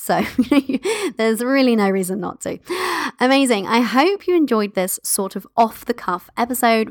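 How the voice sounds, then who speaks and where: A woman's voice: medium pitch, dry recording, studio quality. A woman hosting her own podcast, talking to listeners in a bubbly, affectionate, chatty way. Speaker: podcast host. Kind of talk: casual solo podcast chat.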